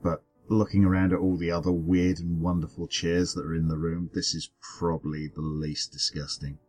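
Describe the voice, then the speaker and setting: Very deep, husky-voiced hesitant player. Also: male voice, flat delivery, moderate pace, a little mellow, soft background music. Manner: hesitant, unsure, many fillers. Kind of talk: playing a tabletop game.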